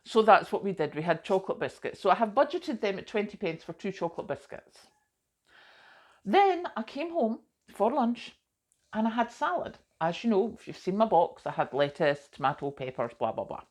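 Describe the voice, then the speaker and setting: A woman's voice: medium pitch, sing-song, normal speed. A middle-aged woman vlogging in a chatty, rambling way, self-deprecating and full of asides. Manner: chatty and rambling, self-deprecating, often says "do you know". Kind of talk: casual chat to camera.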